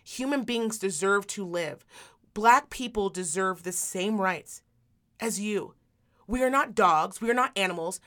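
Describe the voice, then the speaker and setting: A woman's voice: medium pitch, measured pace, a bit bright. A woman who works in medicine talks in a heated, emphatic way on a podcast, swearing often. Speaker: podcast host; medical worker. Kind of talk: impassioned casual talk.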